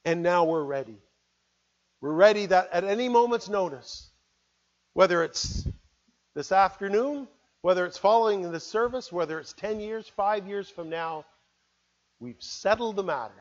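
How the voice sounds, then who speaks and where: A man preaching a sermon, earnest, moving between loud appeals and hushed, quiet words. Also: high voice, expressive, normal speed, long pauses, lo-fi sound. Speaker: pastor.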